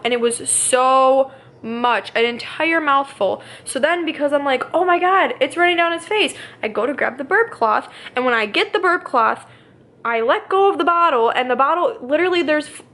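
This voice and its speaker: A woman's voice: on the high side, a bit bright, low-quality recording. A young woman vlogging, a mother telling a chaotic story in a chatty, ranting way full of fillers. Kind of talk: casual vlog storytime.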